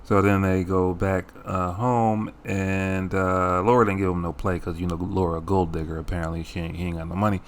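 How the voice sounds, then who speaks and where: A man's voice: deep voice, flat delivery, brisk, few pauses. A man casually recapping an old sitcom episode, rambling and profane with lots of asides. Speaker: show recap host.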